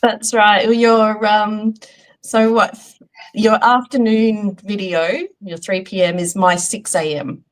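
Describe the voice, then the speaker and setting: A woman's voice: mid-range voice, fairly even intonation, takes it slowly, low-quality recording. A woman from Australia with an Australian accent, a university teacher calling in and giving brief, modest answers. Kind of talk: casual chat.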